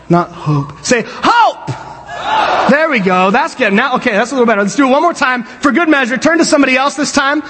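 A man preaching a sermon from a church stage, animated and joking, often restarting his sentences. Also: high voice, in a large hall. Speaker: pastor. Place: church sanctuary.

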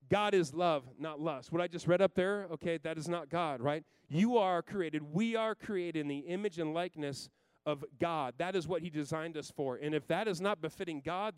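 Smooth-voiced man preaching emphatically. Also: a little high, no echo. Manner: emphatic, swinging from loud to hushed. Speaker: pastor. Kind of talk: sermon.

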